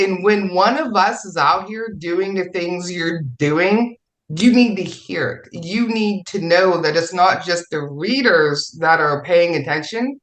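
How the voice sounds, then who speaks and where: Bright, effusive woman in an echoey room. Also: fairly low pitch, a little slow. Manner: effusive, emphatic, repeats phrases for emphasis. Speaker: fellow writer on a podcast panel. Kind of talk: casual podcast chat.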